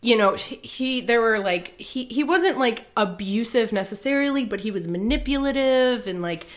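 A woman's voice: a little high, animated, normal speed. Woman rambling through a plot retelling. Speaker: podcast co-host. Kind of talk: casual book chat.

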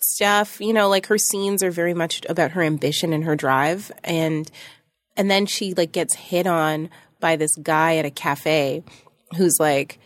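A young woman in casual podcast chat, talking fast with many restarts and frequent laughs. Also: deep voice, steady tone, no room sound, studio quality. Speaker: podcast co-host.

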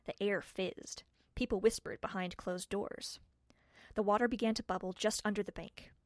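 A woman's voice: medium pitch, no room sound. Woman reading a storybook aloud, dry. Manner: expressive, measured. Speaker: audiobook narrator. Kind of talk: scripted storybook narration.

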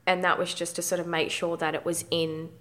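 Brisk and level in tone, this woman's voice is on the low side and a bit bright. In her thirties, she is a guest in a candid personal interview, talking openly and conversationally and using mild swearing.

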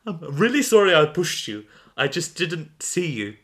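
A man's voice: a little high, sing-song, normal speed, fairly bright tone, pitched above the performer's own voice. A man voicing an earnest, apologetic young man in a nightclub, in a comic fan fiction reading.

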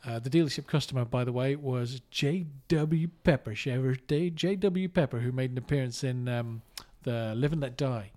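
A man from England co-hosting a casual movie podcast, jokey and quick to laugh. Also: mid-range voice, a little mellow. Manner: jokey, laughs often, slips into put-on voices. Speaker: podcast co-host.

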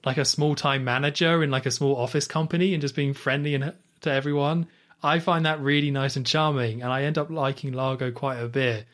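A podcast co-host with a mid-range, steady, fairly bright voice talks a little fast. He chattily recaps a film scene, leaning on "like" and playful quoted reactions and asides.

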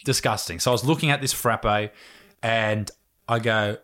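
A man's voice: fairly low pitch, fairly even intonation, normal speed, fairly bright tone. A man, telling a story in casual chat, swearing freely and laughing often.

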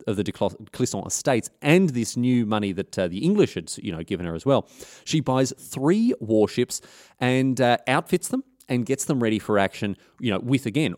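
A man's voice: mid-range voice, darkish tone, dry recording, clean studio sound. A man, hosting a history podcast and telling the story in a slangy, irreverent way. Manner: slangy, irreverent, many fillers. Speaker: podcast host.

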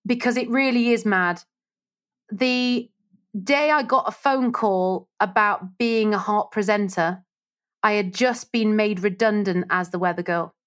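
A woman tells her stories in a lively, casual way as an interview guest. Her voice sits at a middle pitch, and she slips into the voices of the people she quotes. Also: measured pace. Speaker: radio presenter, guest.

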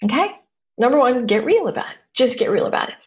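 A woman's voice: fairly high pitch, very animated, quick pace, muffled recording. A middle-aged woman, a therapist and teacher, talking candidly to an audience and acting out quoted voices. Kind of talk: talk to an audience.

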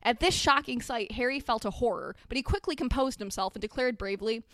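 A woman's voice: fairly high pitch, fairly quick, hardly any pauses, fairly bright tone, no echo, clean studio sound. A woman podcast host giving a comedic dramatic reading of a parody story, mock-earnest with wry asides.

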